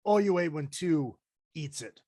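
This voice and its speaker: A man's voice: a little high, animated, measured pace, mellow, dry recording, studio quality. A man hosting a live podcast in a casual chat, reading listener comments aloud. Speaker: podcast host.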